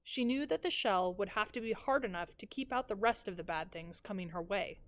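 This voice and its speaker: A woman teacher reading the first chapter of a novel aloud in measured, even storytelling. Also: medium pitch.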